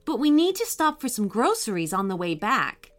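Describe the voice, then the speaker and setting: A woman's voice: fairly high pitch, big pitch swings, normal speed, soft background music. A woman voicing a cheerful, sensible mother in a children's story. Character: warm, practical mother.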